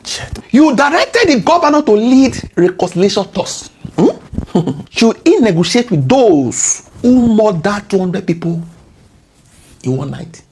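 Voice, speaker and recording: A woman's voice: medium pitch, big pitch swings, unhurried, a little mellow, slight background noise. A woman with a Nigerian accent mixing in Pidgin, giving impassioned political commentary full of indignant rhetorical questions and repeated key words.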